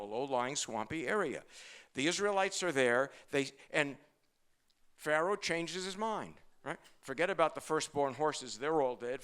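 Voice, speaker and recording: An older man, a rabbi giving a humorous sermon, talking fast and telling stories with jokes. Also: on the high side, clear, resonant tone. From Brooklyn, New York. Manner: fast-talking, joking, animated storytelling.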